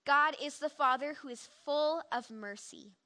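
A woman's voice: high voice, measured pace, bright, forceful tone. A young woman giving an earnest, reflective personal testimony in the style of a sermon. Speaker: speaker giving a devotional.

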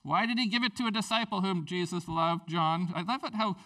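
A young man preaching a candid sermon as pastor, swinging from quiet asides to near-shouting. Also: high voice, a little fast, recorded from a distance.

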